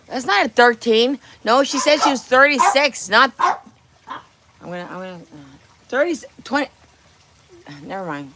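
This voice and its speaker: A woman's voice: high voice, animated, moderate pace, pauses often, noisy background. A woman hosting a casual livestream from her kitchen, chatting bluntly with viewers and swearing freely. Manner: blunt, profane, teasing chat. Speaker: livestream host. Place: home kitchen.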